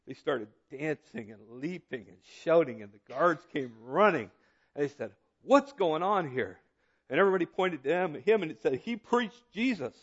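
A male pastor preaching a sermon, telling a story with repeated emphatic phrases that drop low and quiet for drama. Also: muffled recording.

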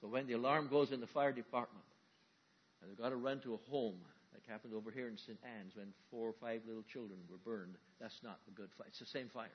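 Husky-voiced male pastor preaching. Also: medium pitch, steady tone, fairly quick, highs cut off. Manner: folksy, conversational preaching with vivid everyday examples. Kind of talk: sermon.

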